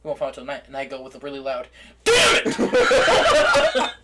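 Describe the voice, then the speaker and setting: A man's voice: medium pitch, monotone, heavy background noise. A young man co-hosting a podcast, chatting casually and telling funny stories through laughter. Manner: laughing storyteller, quick asides. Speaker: podcast co-host. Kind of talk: casual chat.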